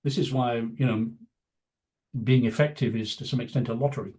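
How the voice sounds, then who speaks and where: This man, in his seventies, speaks with a warm, steady tone at medium pitch and a moderate pace. A longtime news executive, he rambles through stories from his career in a casual interview, saying "you know" constantly.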